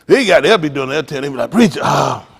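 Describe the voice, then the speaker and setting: A middle-aged man pastor, teasing and preaching to his congregation in a joking, animated way. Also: fairly high pitch, fast talker, gravelly, husky. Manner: animated, teasing, talks straight to the crowd. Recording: long hall reverb.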